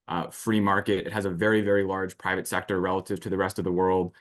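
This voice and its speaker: A man with a low voice answers interview questions at a brisk clip. He speaks as an analyst and packs his answers densely with policy terms. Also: little pitch movement. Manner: rapid, analytical, jargon-heavy. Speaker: research firm guest.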